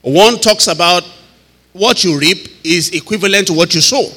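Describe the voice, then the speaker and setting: A man's voice: sits high, moderate pace, pushed and bright, in a large hall. A man teaching a Bible study as a pastor, talking conversationally, laughing often and asking listeners if they follow.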